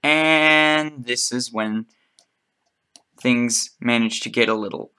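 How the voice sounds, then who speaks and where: A man narrating a tabletop game as game master, unhurried and a little hesitant. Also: medium pitch, sharp tone, smooth.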